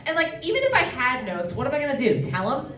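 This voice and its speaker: A woman stand-up comedian working a room with quick, self-deprecating jokes and crude punchlines. Her fairly high voice echoes around the room and is picked up from some distance away. A loud crowd reacts close behind her. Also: wildly swooping pitch. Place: comedy show in a bistro.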